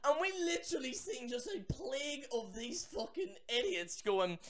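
A man rants to his camera about wrestling fans. He is animated and profane, tossing in mocking asides and quick restarts. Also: extremely high pitch. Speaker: wrestling vlogger. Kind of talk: ranting commentary.

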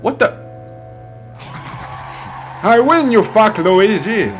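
A man voicing two bickering cartoonish adult male plumber brothers in a high, yelping, nasal put-on voice. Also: lively intonation, slow pace, faint music behind. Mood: whiny bickering. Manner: bickering and whiny.

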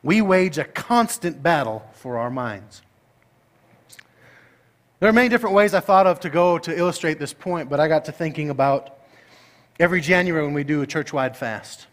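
Middle-aged guy preaching, pretty high voice, gets playful and worked up telling stories. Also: moderate pace. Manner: animated, playful storytelling that rises to excited, high-pitched outbursts. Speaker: pastor. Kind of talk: sermon.

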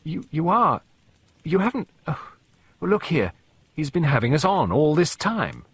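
A man voicing an excitable young man who stammers and speaks breathlessly. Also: a little high, measured pace, breathy edge, voice pushed up, heavily acted. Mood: flustered.

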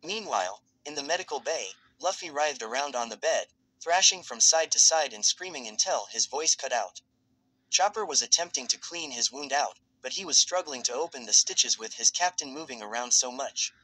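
Guy reading a fanfic out loud, bright clear tone, steady and even. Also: medium pitch, normal speed, no echo, poor audio. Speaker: narrator. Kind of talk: fan fiction read aloud.

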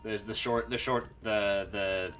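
A man's voice: on the low side, steady tone, a little slow, a bit bright. A man on a game stream, chiming in hesitantly and correcting the player's pronunciation. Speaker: friend on the stream. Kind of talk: casual game-stream chat.

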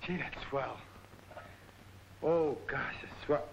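An actor playing a cheerful, dim-witted boxer who rambles earnest slangy nonsense, in 1940s film comedy acting. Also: male voice, mid-range voice, slow, creaky, muffled recording, a little hiss or hum.

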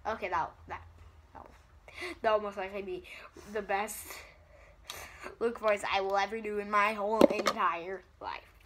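A woman's voice: medium pitch, fairly even intonation, normal speed, pauses often, background noise. A woman chatting casually in a vlog, rambling, giggly and self-deprecating. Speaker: vlogger.

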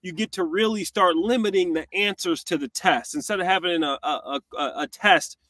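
Animated high-voiced man breaking down football. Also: moderate pace, no echo. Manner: animated, acts out plays in quoted voices. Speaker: co-host, former tight end. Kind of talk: casual football breakdown chat.

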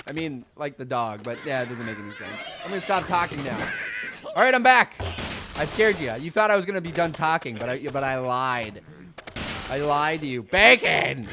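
A young man casually commenting on a mobile game, rambling nonsense and suddenly bursting into loud shouts. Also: mid-range voice, noisy background. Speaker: gaming video host. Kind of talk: goofy let's-play commentary.

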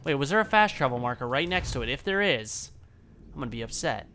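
Brief: male let's play host, bright voice, chatty self-deprecating commentary with faint noise behind. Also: medium pitch, animated, fast talker. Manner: rambling, self-mocking, swears freely. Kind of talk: casual gameplay commentary.

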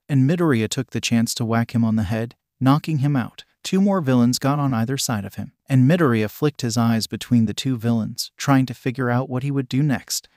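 A man reads an anime fan fiction story aloud, narration and dialogue alike, in a steady voice with little change between characters. His voice sits at an ordinary middle pitch. The sound is close and dry, with no room around it. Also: no room sound.

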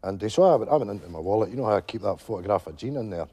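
Speaking very fast with a warm, fairly low, husky voice and a Glaswegian Scottish accent, an older widowed Glasgow pensioner tells friends a wistful story in a stage comedy monologue. He's gentle, animated and rambling with many "you know" asides, and the highs are cut off.

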